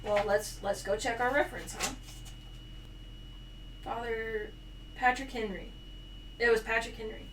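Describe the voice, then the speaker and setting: A woman co-hosting a casual podcast, chatty and quick to laugh. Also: on the high side. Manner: laughs often, chatty and animated. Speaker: podcast co-host. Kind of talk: casual chat. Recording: distant mic with faint noise.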